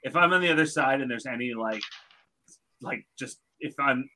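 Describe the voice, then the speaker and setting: A male tabletop player who talks hesitantly, trailing off between half-finished thoughts. His voice is bright and forceful, at a medium pitch. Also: moderate pace, rough recording. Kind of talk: casual chat in a tabletop game.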